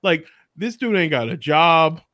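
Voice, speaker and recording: Man on a podcast, fairly high voice, dry mic, jokey riffs. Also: a little slow, no echo. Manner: joking, animated riffing. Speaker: podcast guest or co-host. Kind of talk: casual chat.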